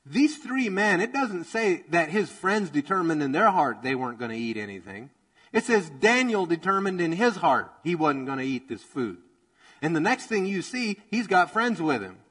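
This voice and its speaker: A man preaching a sermon in a church, energetic and conversational, joking and acting out quotes as he goes. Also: fairly high pitch, low-quality recording. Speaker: pastor.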